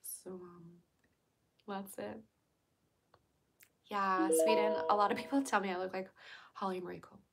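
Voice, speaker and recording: A woman's voice: medium pitch, fairly even intonation, a little slow, gravelly, long pauses, very noisy. A young adult woman hosting a livestream, chatting casually, giggling and answering her chat. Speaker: livestream host.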